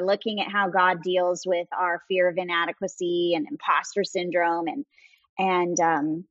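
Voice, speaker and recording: A woman's voice: on the low side, no room sound, muffled recording. A woman author as a guest, telling a faith story earnestly and acting out quoted voices. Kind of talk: faith-based interview storytelling.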